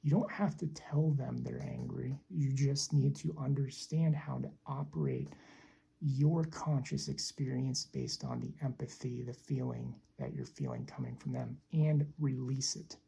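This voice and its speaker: A woman giving a slow, reflective spiritual teaching talk, deliberate and repeating phrases for emphasis. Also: a bass voice, sing-song, gravelly, dark tone, slight background noise.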